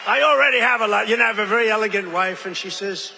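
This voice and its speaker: A man speaking at a rally in a rambling, digressive way, repeating phrases and tossing jokey asides to the audience. His voice sits high for a man and has a forceful, bright edge. The sound carries a long reverb from a large hall, with faint noise underneath. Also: very fast, creaky, few pauses. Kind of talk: off-the-cuff rally speech.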